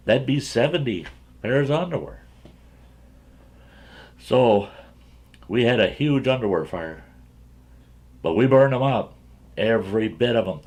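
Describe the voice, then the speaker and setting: A man's voice: medium pitch, expressive, measured pace, long pauses, a little mellow. A man hosting his own channel, telling a folksy, rambling story from his younger days and often chuckling as he goes.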